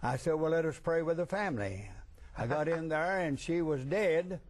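An older man who is a preacher, telling a miracle story in plain folksy speech. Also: a little high. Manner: plain rural speech, unhurried. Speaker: preacher guest. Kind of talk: folksy testimony.

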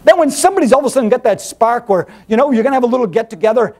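A male pastor preaching a sermon in an animated, rhetorical way, firing questions at the congregation. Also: extremely high pitch, fast.

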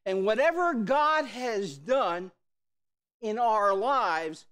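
A man preaching a church sermon in a strikingly high voice, driving his points home with force. He swells into shouted declarations, then drops back to a measured, steady delivery. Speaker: pastor.

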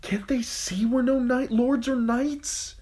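A man voicing a fierce, scrappy young girl with sharp, urgent speech. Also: fairly even intonation, takes it slowly, husky, heavily acted. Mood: hushed. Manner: urgent, sharp, high-pitched cries.

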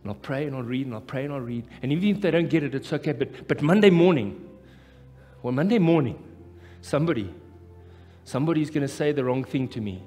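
A man's voice: medium pitch, animated, fairly quick, dark tone, husky. A South African pastor with an Afrikaans-tinged accent preaching a live sermon, impassioned and repeating his phrases. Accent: South African, Afrikaans-influenced. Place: church hall. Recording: live church hall reverb with music.

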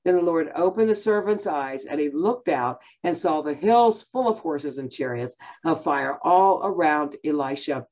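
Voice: medium pitch, expressive, moderate pace, a little mellow, dull audio. A Bible teacher giving a conversational lesson, talking in a chatty way with many fillers and self-restarts.

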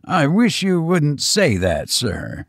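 A man's voice: huge pitch swings, slow pace, no echo, clean studio sound, exaggerated voice. A man voicing an elderly, devoted male servant who is timid and anxious, his speech quavering and pleading in a raised voice. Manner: quavering, pleading, high-pitched.

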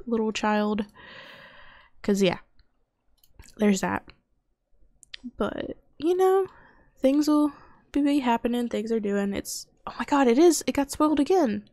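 Young woman chatting through her game, talks to her characters, kinda gravelly, slow, dry mic. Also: mid-range voice, a little mellow, no room sound. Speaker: gaming youtuber. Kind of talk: casual let's-play commentary.

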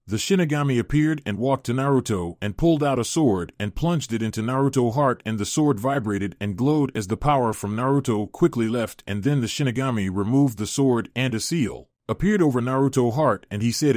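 A man reading fan fiction aloud in a steady, matter-of-fact way. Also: medium pitch, fairly quick, no room sound, clean studio sound. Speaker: narrator.

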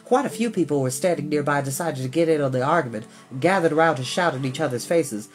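A man reading a children's novel aloud, expressive and doing voices for the characters. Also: a little high, quick pace, faint music behind. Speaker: storyteller.

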